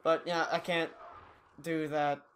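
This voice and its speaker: Bright-voiced young guy rambling over gameplay. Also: a little high, flat delivery, slow pace, a little hiss or hum. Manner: rambling, self-mocking, loose and chatty. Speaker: gaming YouTuber. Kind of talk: casual gameplay commentary.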